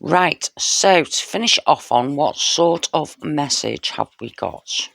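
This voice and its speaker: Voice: mid-range voice, expressive, slow pace, gravelly, fairly bright tone, no room sound. A tarot reader giving a casual spoken reading straight to the viewer, heartfelt and intimate, often checking in with "you know" and "yeah?".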